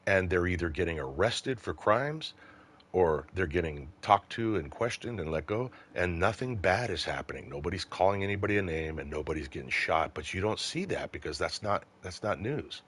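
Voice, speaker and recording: A man's voice: sits low, moderate pace, husky. A middle-aged man, once a police officer, telling a story in casual chat with a lot of swearing. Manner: profane, animated storyteller.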